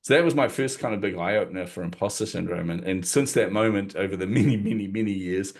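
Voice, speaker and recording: A man's voice: deep voice, quick pace. A middle-aged man, a podcast guest, telling a personal story in conversation, acting out quotes and laughing at himself. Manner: animated, acts out quotes, self-deprecating laughs.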